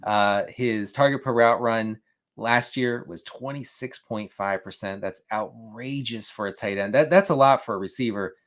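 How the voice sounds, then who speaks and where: A man co-hosting a casual fantasy football podcast, talking with quick restarts, stammers and frequent laughs. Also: fairly low pitch. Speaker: fantasy football analyst co-host.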